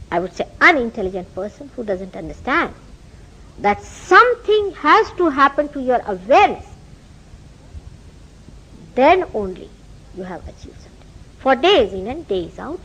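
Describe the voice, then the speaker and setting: This spiritual teacher, whose voice is on the high side and slightly rough, lectures in Indian English and brings her stories to life by acting out quoted lines. The recording quality is low.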